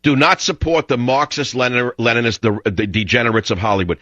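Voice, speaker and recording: A man's voice: mid-range voice, fairly quick, hardly any pauses, pushed and bright, no room sound. A man hosting talk radio, delivering an emphatic, fiery ranting monologue on dull lo-fi audio.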